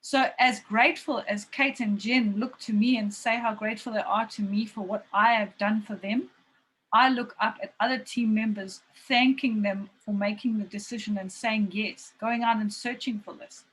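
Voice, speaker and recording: A woman's voice: a little high, fairly even intonation, normal speed, a bit bright, husky, low-quality recording. A woman in her forties, a team coach, speaking on a video call in a heartfelt, emphatic, motivational way. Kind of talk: emotional motivational talk. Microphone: video call mic. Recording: faint background noise on a video call.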